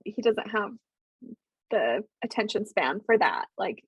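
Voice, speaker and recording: A woman's voice: mid-range voice, big pitch swings, measured pace, slightly rough, no room sound. A woman podcast co-host and author, chatting casually and candidly, often laughing at herself. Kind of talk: casual chat.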